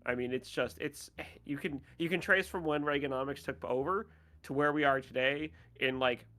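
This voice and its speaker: Man, bright tone, sarcastic ranting podcast talker. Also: medium pitch, fairly even intonation, moderate pace. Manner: sarcastic, mock-outraged rants. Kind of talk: casual podcast chat.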